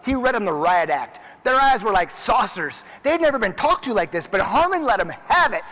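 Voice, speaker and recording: A man in his forties delivering a motivational keynote, telling stories with lively energy and acting out the people in them. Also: high-pitched, brisk, few pauses. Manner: animated storyteller who acts out quoted dialogue. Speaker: keynote speaker. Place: large conference hall. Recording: long reverb of a big conference hall.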